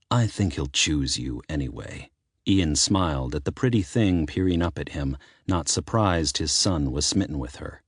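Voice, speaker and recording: Deep low guy reading an audiobook, slow dramatic narration, dry close sound. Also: no room sound. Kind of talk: scripted narration.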